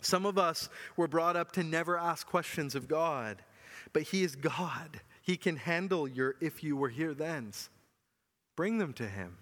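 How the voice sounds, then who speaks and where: A man preaching a sermon as pastor, earnest and often dropping to a soft, low voice. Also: expressive, unhurried. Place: church hall. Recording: long hall reverb.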